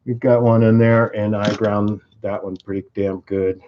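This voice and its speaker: A fairly low-voiced man talks through a workshop demonstration in a loose, profane, joking ramble. The audio is muffled and dull, with clear clicking noise behind him. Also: level tone, moderate pace. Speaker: tool and engine video maker.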